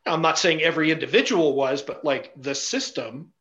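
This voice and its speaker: A man speaking a little higher than most men, telling personal stories as an interview guest. He talks bluntly and swears freely, with lots of "you know" and "like". The recording sounds dull and lo-fi. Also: normal speed, fairly bright tone. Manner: blunt and profane, with frequent fillers. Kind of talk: casual storytelling.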